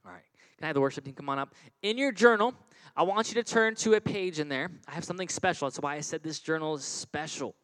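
A man preaching a children's sermon, animated and repetitive, calling out questions for kids to answer. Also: a little high, fast, poor audio. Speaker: children's pastor.

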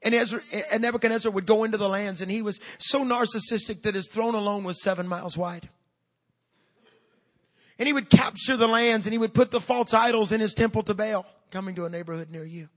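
A man in his fifties, a pastor preaching a sermon with energy and humor, building up to loud calls to his church. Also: high voice, steady tone, a little fast.

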